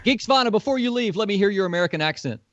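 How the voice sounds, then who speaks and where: A man's voice: sits high, expressive, rapid-fire, dry recording, lo-fi sound. A man teasing and joking playfully during a live-stream chat. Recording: crowd noise behind.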